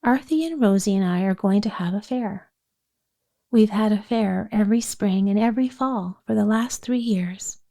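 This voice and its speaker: A woman's voice: medium pitch, dark tone, close to an everyday voice. A woman voicing a cheerful, businesslike young boy in a storybook reading.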